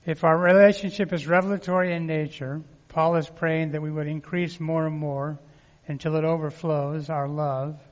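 Male pastor mid-sermon, energetic scripture reading, muffled recording with long reverb. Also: fairly high pitch, moderate pace, hardly any pauses. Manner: lively preaching with crowd call-and-response.

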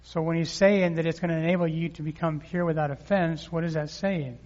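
Male pastor mid-sermon, energetic scripture reading, muffled recording with long reverb. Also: on the high side, a little fast. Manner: lively preaching with crowd call-and-response.

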